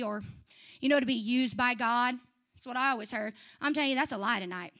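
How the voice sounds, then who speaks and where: Fiery young woman preacher, high bright voice. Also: a little fast. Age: young adult. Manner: fiery, rising to shouts then dropping to chatty asides. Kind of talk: sermon.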